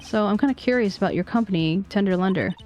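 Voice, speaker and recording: A nervous young male defense lawyer, read by a woman in her own voice, trading dry sarcastic asides at a middle pitch. Faint music plays quietly behind the game reading. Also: quick pace, lo-fi sound, lightly acted. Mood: wry. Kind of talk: reading game dialogue aloud.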